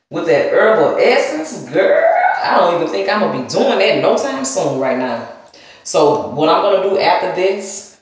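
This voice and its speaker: A woman from the Southern US with a Southern accent, rambling casually through a hair-care vlog and talking straight to her viewers. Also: deep voice. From Southern United States. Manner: chatty, talks straight to viewers with y'all and girl. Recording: very echoey room.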